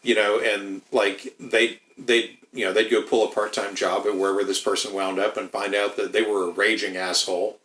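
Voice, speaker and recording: A man's voice: on the low side, flat delivery, moderate pace, hardly any pauses, fairly bright tone, reverberant, poor audio. A man in casual podcast chat, rambling with lots of swearing and restarts. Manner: rambling, profane, many restarts.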